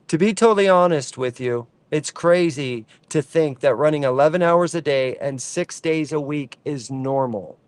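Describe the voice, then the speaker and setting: A fervent man delivers a rallying rant straight to camera, hammering home his points through repetition. His voice sits a little higher than most men's and is recorded close and dry, with no room sound. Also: no echo. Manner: fervent, preachy, repeats lines for emphasis. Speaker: trucker advocate. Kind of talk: impassioned direct-to-camera rant.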